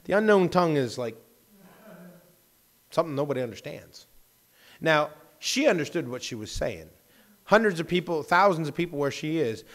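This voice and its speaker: His voice on the high side and animated, a male pastor preaches over a microphone in church at a normal speed with long pauses. He rambles, mocks himself, and moves between hushed asides and loud eruptions.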